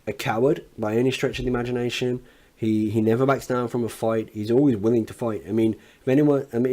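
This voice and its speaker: A man reviewing a wrestling event as an analyst, recapping the matches with excitement and frequent swearing. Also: mid-range voice.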